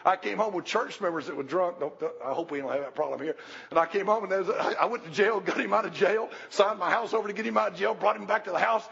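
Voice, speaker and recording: A man's voice: high-pitched, fast, creaky, a bit bright, breathy edge. A man preaching a folksy, storytelling sermon as pastor, talking conversationally with restarts and asides, in a dull, echoey hall.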